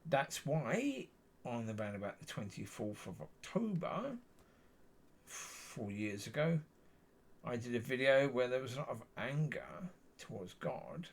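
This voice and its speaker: A man's voice: on the low side, vocal fry. A man giving a rambling personal faith testimony to camera, often repeating and correcting himself. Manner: meandering, repeats himself, frequent self-corrections. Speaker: Christian vlogger.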